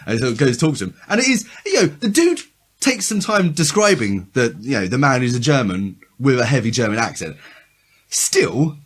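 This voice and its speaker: A man's voice: medium pitch, sing-song, normal speed, slightly rough. A man co-hosting a casual podcast chat who rambles with frequent restarts and a dry, amused, sarcastic tone. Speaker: podcast co-host.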